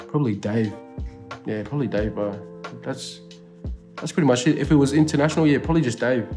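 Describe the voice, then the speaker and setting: A man's voice: medium pitch, fairly quick, warm tone, soft background music. Laid-back Australian man, slangy chat. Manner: laid-back, slangy, swears freely, many fillers. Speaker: rapper interviewed as guest. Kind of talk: casual interview chat. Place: indoor studio.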